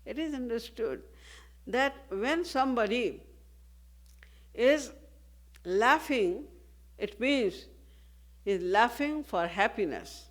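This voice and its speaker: Slow, measured woman giving a devotional talk. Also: a little high, lively intonation. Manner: measured, with rhetorical questions. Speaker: spiritual teacher. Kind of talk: devotional discourse.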